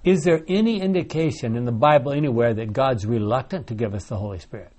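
A man's voice: medium pitch, fast talker, darkish tone. A man leading a Bible study discussion, asking the group questions and telling stories with many restarts.

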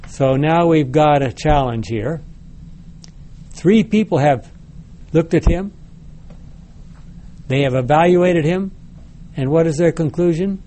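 A man's voice: a little high, slow pace, long pauses, dark tone. A man teaching a Bible study class, reading scripture aloud and then explaining it with questions to the group. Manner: reads passages, then asks the group checking questions.

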